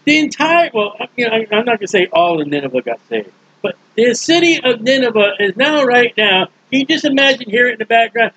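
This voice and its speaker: A man preaching in a casual Bible teaching style, folksy and joking, acting out characters in quick asides. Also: very high-pitched, very animated, sharp tone, husky, no room sound, lo-fi sound.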